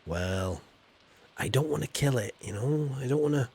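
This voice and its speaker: A man's voice: mid-range voice, animated, moderate pace, a little mellow, husky. A man from England, chatting casually while streaming a game. He rambles in a chatty, playful way. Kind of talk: casual live gameplay chat.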